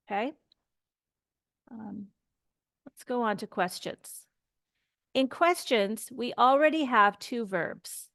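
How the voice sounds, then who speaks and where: Woman, English teacher, grammar lesson, very slow pace, patient, repeats examples, dry sound. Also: fairly high pitch, animated, creaky, a bit bright, no room sound. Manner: slow, patient, demonstrates pronunciation by repeating phrases.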